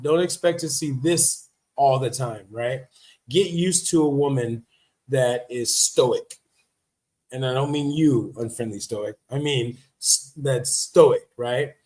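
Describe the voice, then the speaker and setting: A man in a casual livestream monologue with a mid-pitched voice. He talks in a chatty, emphatic way, restating his points and commenting on what he reads. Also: slow, darkish tone. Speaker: livestream host. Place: living in Vietnam.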